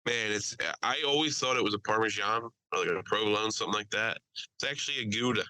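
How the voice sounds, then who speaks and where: Loud, laughing guy. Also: on the low side, quick pace, no echo, rough recording. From Delaware County, Pennsylvania. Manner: loud, animated, laughs often, swears freely. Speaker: podcast host. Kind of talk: casual podcast storytelling.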